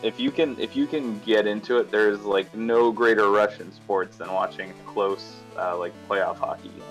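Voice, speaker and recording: A man's voice: fairly low pitch, moderate pace, soft background music, poor audio. A man, chatty and joking as a guest on a casual live stream, keen on sports talk. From New England. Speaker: guest co-host.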